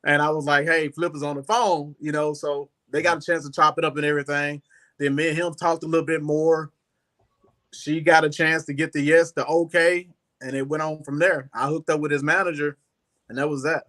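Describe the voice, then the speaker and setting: Guy guesting on a talk show, fairly high, bright and forceful voice, loose rambling storyteller. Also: a little fast. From Southern United States. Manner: rambling, animated, leans on "you know". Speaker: guest musician. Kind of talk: casual storytelling interview.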